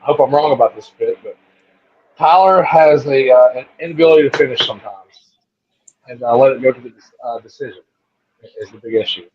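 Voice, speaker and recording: A man on a panel giving his picks in casual chat, quick and direct. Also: mid-range voice. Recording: dull lo-fi sound.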